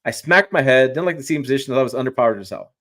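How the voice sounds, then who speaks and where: A man's voice: medium pitch, lively intonation, rapid-fire, a bit bright. Rambling, enthusiastic man talking trucks. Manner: rambling, restarts often, enthusiastic. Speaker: guest truck reviewer. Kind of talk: casual livestream chat.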